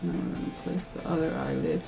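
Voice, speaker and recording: A woman vlogger chatting casually through a makeup tutorial, nervous and excitable, gasping and squealing often. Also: fairly low pitch, fast, gravelly, music in the background. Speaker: beauty vlogger.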